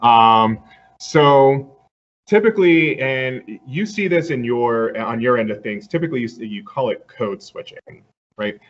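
Speaking at an unhurried pace, this Puerto Rican man delivers a sincere, chatty online lecture as a guest and answers audience questions, often pausing on fillers. His medium-pitched voice is expressive. The sound comes through a slightly dull video call with a faint background hum.

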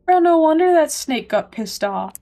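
Excitable swearing woman streamer. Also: high-pitched, normal speed, faint music behind. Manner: loud, excitable, swearing, frequent "bro". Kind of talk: gameplay commentary.

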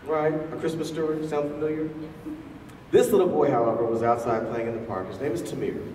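A man's voice: fairly high pitch, fairly even intonation, brisk, warm tone, a little hiss or hum. A man giving a public talk to a live audience, asking the crowd questions as he speaks. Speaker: featured speaker. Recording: echoey hall from far off.

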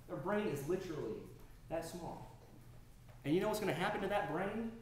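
A man's voice: high voice, a little fast, pauses often, a little hiss or hum. A man preaching a sermon, earnest and building to emphatic exclamations, recorded in a church sanctuary. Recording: echoey church room, faint ambience.

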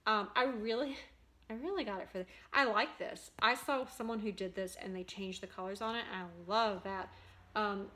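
Bright, chatty woman vlogger. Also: medium pitch. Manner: chatty, enthusiastic, frequent ums. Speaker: cross-stitch vlogger. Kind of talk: casual show-and-tell chat.

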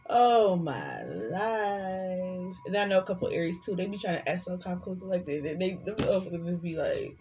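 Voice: mid-range voice, sing-song, normal speed, darkish tone, low-quality recording. A tarot reader giving a casual collective reading, chatty and sassy, swearing freely and rambling between the cards.

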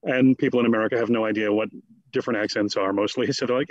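A man in a conversational interview as a guest scholar, talking in an animated, digressive way and slipping into quick mock voices. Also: medium pitch, dry recording, lo-fi sound.

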